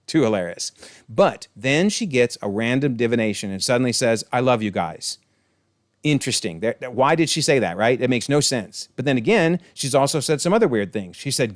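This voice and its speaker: An online TV episode reviewer gives a casual breakdown of an episode, loose and chatty, amused and quick to call things hilarious. He briefly acts out quoted lines in changed voices. His pitch is an ordinary middle, and the sound is dry and close with no room echo.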